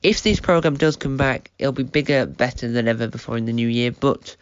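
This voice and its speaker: A man's voice: mid-range voice, brisk, clean tone, no echo, dull audio. A man giving rambling, hesitant closing remarks as host of a sketch show.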